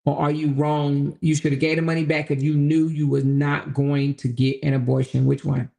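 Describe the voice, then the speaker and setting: A woman hosts a solo livestream and chats plainly with her audience, reading their comments aloud. Her voice carries a rough, gravelly creak, and her delivery stays loose, colloquial and frank. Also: deep voice, level tone, normal speed, mellow. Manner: chatty, addresses viewers directly, reads comments aloud; blunt and colloquial. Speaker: livestream host.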